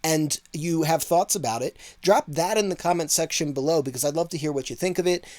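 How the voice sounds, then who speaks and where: A man teaching audio mixing in a relaxed, conversational way, full of casual fillers. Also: fairly high pitch, a little fast. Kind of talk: casual tutorial walkthrough.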